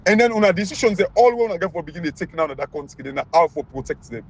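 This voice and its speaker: A man's voice: lively intonation, fast talker, breathy edge. Emphatic Sierra Leonean Krio man ranting. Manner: mocking, repetitive, emphatic, pitch leaps high when incredulous. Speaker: political commentator. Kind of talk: animated political rant.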